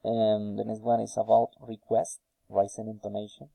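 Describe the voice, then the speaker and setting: A man reading intonation drill sentences aloud slowly and carefully for a phonetics task, with a few hesitant fillers. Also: lowish voice, monotone, vocal fry, dark tone, no room sound, low-quality recording. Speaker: student recording a phonetics task.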